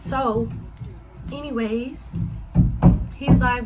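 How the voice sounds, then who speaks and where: Woman doing a storytime vlog, animated, cussing, talking to y'all, loud music behind. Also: a little high, takes it slowly, pauses often, low-quality recording. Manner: animated, talks to the audience as y'all, swears freely. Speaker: vlogger. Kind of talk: casual storytime.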